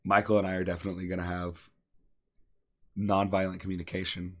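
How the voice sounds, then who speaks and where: Earnest low-voiced man giving advice. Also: little pitch movement, a little fast. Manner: earnest, encouraging, repeats phrases for emphasis. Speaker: podcast co-host. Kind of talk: earnest casual talk.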